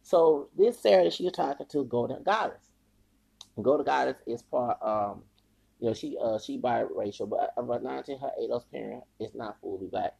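Heard through poor audio, a man from the United States hosts a podcast in a mid-range, gravelly voice that's a little mellow with a breathy edge, speaking at normal speed. His ranting commentary rambles heatedly, marked by stumbles and repeated words.

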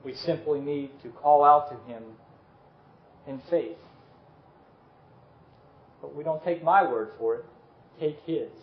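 A man preaching a sermon and leading a closing prayer, earnest and dropping softly on key words. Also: a little high, slow, pauses often. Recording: echoey room, slightly dull sound.

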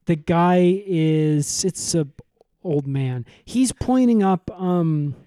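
A man co-hosting a comedy podcast, recapping in a rambling, deadpan way with lots of fillers. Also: on the high side, slow, dry recording, clean studio sound.

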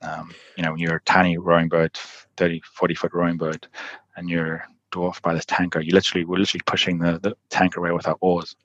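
A man's voice: sits low, monotone, fairly bright tone, no room sound, muffled recording. A man guest telling adventure stories in a casual interview, rambling with lots of "like" and laughing often. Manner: fast, laughing, rambling with many "like"s. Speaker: endurance athlete guest.

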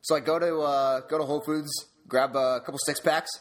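A man's voice: a little high, fairly even intonation, brisk. A man in his twenties telling a story on a podcast, profane and heated, laughing often as he rants. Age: 20s. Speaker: podcast co-host. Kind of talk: casual ranting storytelling.

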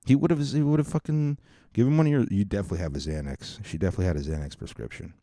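Racing along in a fairly low, mellow voice, a podcast host in his thirties delivers crude, rambling stories with mockery and a casual comic touch. The recording is dry and of studio quality.

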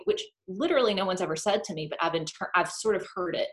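Woman, casual chat, animated, filler-heavy, quotes herself in voices. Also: lowish voice, fast talker. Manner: acts out her own thoughts in quoted voices.

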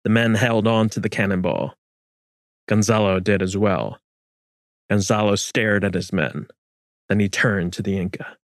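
A man reading historical fiction as narrator in a measured, solemn manner. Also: lowish voice, no echo, clean studio sound.

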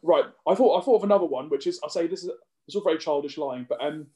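A man's voice: on the high side, fast talker, dark tone. A young man co-hosting a podcast, rambling and self-deprecating in casual chat. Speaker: podcast co-host.

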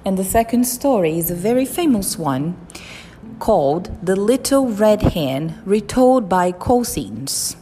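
A woman reading children's stories and fables aloud in a slow, expressive, sing-song way. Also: mid-range voice, slight background noise. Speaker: storyteller. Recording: reverberant with soft music.

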